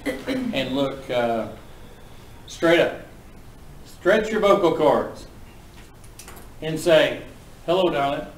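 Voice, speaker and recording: A man lecturing a class on auctioneering in a folksy, brisk, joking manner. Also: fairly high pitch, big pitch swings, background noise. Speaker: auctioneering instructor. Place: classroom with students. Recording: echoey room from a distance.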